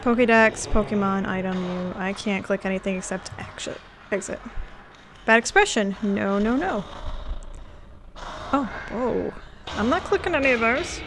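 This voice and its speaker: A woman streaming a live game playthrough, reading the on-screen text aloud and reacting with excited gasps and laughter. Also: mid-range voice, normal speed, pauses often, noisy background.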